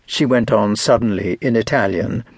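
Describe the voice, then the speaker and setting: A man narrating a classic novel as an audiobook, measured and expressive. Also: fairly low pitch, breathy edge, no echo, clean studio sound.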